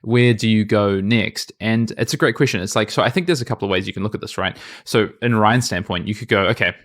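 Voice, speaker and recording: A man in his late twenties co-hosting a podcast in brisk, chatty, self-deprecating talk. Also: lowish voice, fairly even intonation. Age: late 20s. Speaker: podcast co-host. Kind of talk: casual podcast chat.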